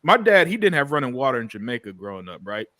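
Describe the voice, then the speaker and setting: A man's voice: mid-range voice, big pitch swings, fast talker, a bit bright, dry recording. A man in his thirties hosting a casual podcast chat, stammering and repeating words as he talks, swearing freely. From United States. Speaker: podcast host.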